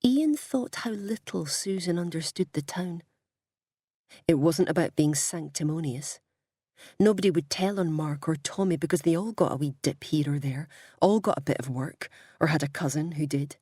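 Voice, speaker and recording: A woman reading a story aloud in a calm, unhurried narration. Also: low voice, husky, no room sound, clean studio sound. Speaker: audiobook reader.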